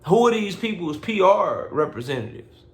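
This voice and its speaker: A man's voice: high-pitched, big pitch swings, normal speed. A man hosting a boxing commentary vlog, speaking in a casual, blunt and profane rant that lectures his listeners. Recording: roomy echo.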